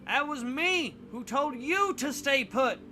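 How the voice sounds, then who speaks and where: Eager kid twin, high and excited, voiced by a man reading. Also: normal speed, soft background music, exaggerated voice. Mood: insistent. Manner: exclaiming. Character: young boy, a twin, eager and defiant.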